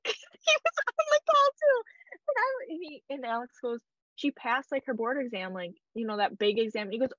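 A woman's voice: a little high, animated, moderate pace, fairly bright tone, no room sound, muffled recording. A young woman telling a personal story in a casual, emotional way, peppered with "like" and quoted dialogue. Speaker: guest.

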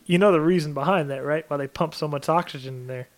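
A man co-hosting a podcast, chatting in a relaxed way with lots of "like" fillers. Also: on the high side, quick pace. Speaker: podcast co-host. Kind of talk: casual chat.

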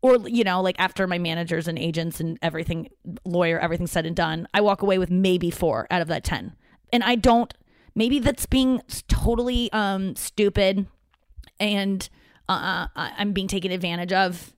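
A woman's voice: fairly low pitch, steady tone, moderate pace, clean tone, no room sound, studio quality. A woman hosting a podcast, talking in a casual, rambling, self-deprecating way and swearing now and then. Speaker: podcast host. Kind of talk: casual solo monologue.

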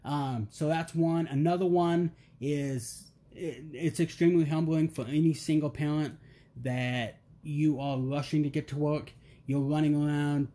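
A middle-aged man, appearing as a guest on a podcast, tells family stories in a relaxed, joking style and acts out the voices of the people in them. His voice is fairly high and a little slow, and he comes across as an animated, jokey storyteller.

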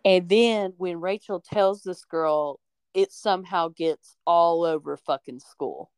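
A young woman tells a high school story on her podcast with lively, animated energy, putting on the voices of the people she quotes. Her voice sits on the low side and is smooth and clear, recorded dry and close to the mic. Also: takes it slowly, dry recording. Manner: animated, acts out quoted voices, swears freely. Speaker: podcast host. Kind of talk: casual storytelling chat.

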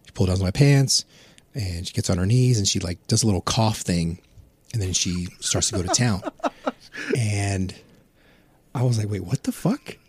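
A man's voice: lowish voice, normal speed, long pauses, slightly rough. A middle-aged man, a podcast guest, telling a rambling, profane story in casual chat. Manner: rambling, profane, laughs at his own story.

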